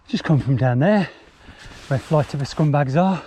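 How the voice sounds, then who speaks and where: Riding country trails with a camera on his bike, this man from England gives casual, freely sworn commentary for his vlog. His voice is on the high side at a moderate pace, and wind and traffic noise come through the outdoor mic.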